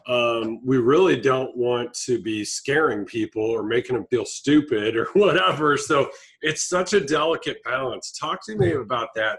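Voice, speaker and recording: A man's voice: mid-range voice, fairly bright tone, poor audio. A man hosting an interview, asking questions in a loose, hesitant way with plenty of fillers. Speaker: interview host. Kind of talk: casual interview chat.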